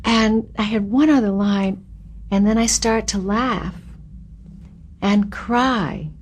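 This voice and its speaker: A woman being interviewed as an actress, telling anecdotes in an animated, expressive way and acting out the quotes. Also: mid-range voice, slow pace, long pauses, slight background noise. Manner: animated, expressive storyteller who acts out quotes.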